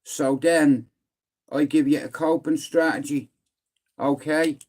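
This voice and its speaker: A man's voice: fairly high pitch, flat delivery, takes it slowly, a little mellow. A middle-aged man with a Dublin Irish accent, hosting a livestream in a blunt, rambling, sweary way. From Ireland. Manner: rambling, blunt and sweary, repeatedly saying "listen". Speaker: livestream host. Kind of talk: casual livestream chat.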